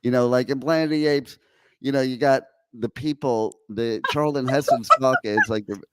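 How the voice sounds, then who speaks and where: A man's voice: medium pitch, a bit bright, clear, resonant tone, dry recording. A man with a mid-range voice co-hosts a loose comedic talk show. He keeps cutting in with teasing questions. The sound is close and dry. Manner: teasing, quick interjections. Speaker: co-host. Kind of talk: casual comedic chat.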